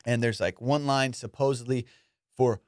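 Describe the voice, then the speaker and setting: A young man, a comedian hosting his podcast, telling a profane, animated story. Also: medium pitch, normal speed, dry recording. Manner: profane, animated, acts out voices. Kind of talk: casual storytelling.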